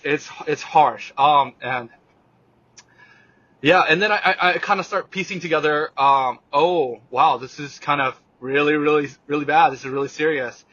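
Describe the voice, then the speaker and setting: A young man, a guest on an interview show, telling a personal story in a halting casual way with many fillers and restarts. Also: medium pitch, sharp tone, lo-fi sound.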